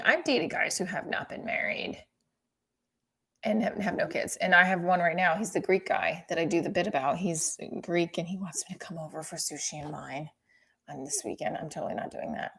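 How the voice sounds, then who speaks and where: A woman's voice: lowish voice, fairly bright tone, breathy edge. A woman comedian hosting a casual live stream who rambles, swears freely and mocks herself. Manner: rambling, profane, self-deprecating.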